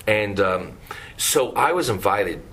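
A man, a composer and producer, telling lively anecdotes as an interview guest and acting out the people he quotes. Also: on the low side, slow, breathy edge. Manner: animated anecdotes, acts out quoted voices.

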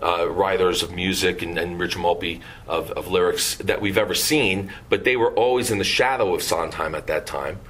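A man, a composer and producer, telling lively anecdotes as an interview guest and acting out the people he quotes. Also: sits low, normal speed, few pauses, slightly rough. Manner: animated anecdotes, acts out quoted voices.

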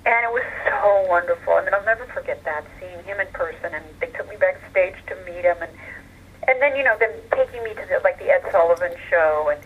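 A woman's voice: fairly low pitch, fairly quick, a little hiss or hum. An older woman telling stories from her childhood as a guest in a phone interview, chatty, with many fillers. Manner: chatty storyteller, warm laughs, many fillers. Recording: tinny phone line.

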